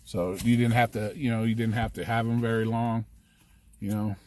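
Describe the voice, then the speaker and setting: A man's voice: on the low side, little pitch movement, moderate pace, darkish tone, a little hiss or hum. A man hosting a livestream, telling rambling stories in a casual way with heavy swearing. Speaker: livestream host. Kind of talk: casual storytelling.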